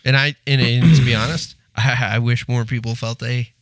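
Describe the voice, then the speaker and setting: A man's voice: mid-range voice, fairly even intonation, normal speed, no echo. A man hosting a podcast, joking, swearing and asking questions in casual chat. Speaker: podcast host.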